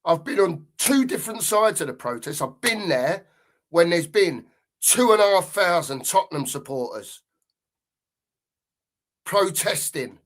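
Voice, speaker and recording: Fuming bloke ranting about his football club on a live stream, swears a lot, kinda high voice. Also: expressive, a little slow, pauses often, a bit bright. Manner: angry, sweary, repeats himself. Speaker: podcast host.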